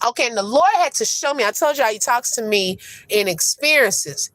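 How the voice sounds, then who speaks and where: A chatty woman livestreaming from her parked car, with a fairly high voice and quick bursts of laughter. She drifts into earnest, preacher-like encouragement. Her phone mic sounds close and dry. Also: expressive, fairly bright tone, dry recording, poor audio. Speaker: livestream host. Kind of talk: casual live chat with encouragement.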